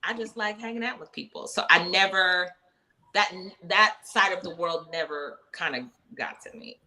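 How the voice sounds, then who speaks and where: A woman's voice: on the low side, normal speed, bright, forceful tone, low-quality recording. A woman guest on a podcast, chatting casually and self-deprecatingly, acting out what people say to her. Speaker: podcast guest, chef and former actress. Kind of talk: casual conversation.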